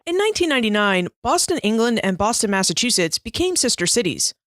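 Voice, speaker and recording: A woman's voice: fairly high pitch, very animated, fast talker, fairly bright tone, no room sound, studio quality. A woman hosting a history podcast, asking curious, conversational questions. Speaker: podcast host. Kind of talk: interview questions.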